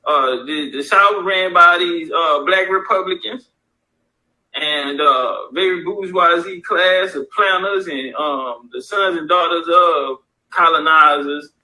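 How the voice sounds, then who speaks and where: A man's voice: fairly high pitch, slow, pushed and bright, low-quality recording. A man giving casual history commentary, reading source passages aloud and riffing on them in loose, profane street talk.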